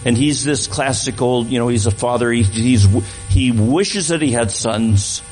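A man's voice: mid-range voice, measured pace, a little mellow, faint music behind, rough recording. A man speaking as a guest at a church, talking to the congregation in a conversational way and often restarting his sentences. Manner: conversational, repeats words while restarting.

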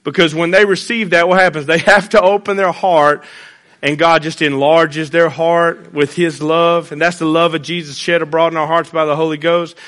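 High, bright-voiced preacher. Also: male voice, little pitch movement, normal speed. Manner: folksy, blunt preaching with joking asides. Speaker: pastor. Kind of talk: sermon. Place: church.

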